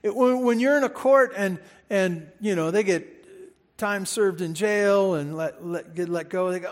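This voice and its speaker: A man preaching a sermon as pastor, emphatic and animated, repeating words for stress and speaking straight to the congregation. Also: high-pitched, unhurried. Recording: hall reverb.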